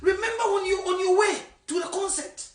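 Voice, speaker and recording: A woman voicing God, who speaks slowly and softly to a sinner. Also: extremely high pitch, distant mic, pitched above the performer's own voice. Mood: tender rebuke. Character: God gently rebuking a sinner. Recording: echoey room, voice from afar.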